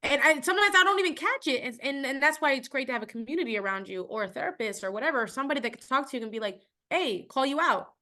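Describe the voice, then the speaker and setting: A woman's voice: high-pitched, animated, racing, hardly any pauses, bright, forceful tone. A woman guest on a podcast, talking in an earnest, reflective way and often searching for her words. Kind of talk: casual conversation.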